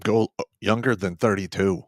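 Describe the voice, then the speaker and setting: A man's voice: fairly even intonation, moderate pace, no echo, clean studio sound. A man in his fifties hosting a casual talk show, wry and sardonic, sometimes dropping to a sigh or mutter. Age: 50s. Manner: wry, sardonic, drops to low sighs and mutters. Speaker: podcast host.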